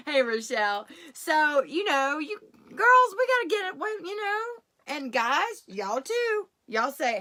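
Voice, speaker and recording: Middle-aged woman coach, bright and forward tone, warm chatty encouragement aimed straight at her viewers. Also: high voice, expressive, a little slow. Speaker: keto coach hosting a live workshop. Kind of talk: casual livestream chat.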